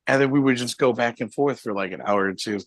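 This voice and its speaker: A man's voice: medium pitch, quick pace, dry recording. A man, a guest who owns a hobby shop, chatting casually on a live stream and telling rambling stories with frequent laughs.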